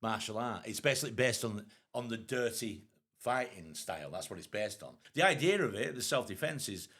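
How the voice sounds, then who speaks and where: A man's voice: lowish voice, fairly quick. A man co-hosting a casual podcast, rambling and restarting, with some swearing. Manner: lively, rambling, with stop-start restarts and swearing. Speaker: podcast co-host. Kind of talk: casual pub-style chat.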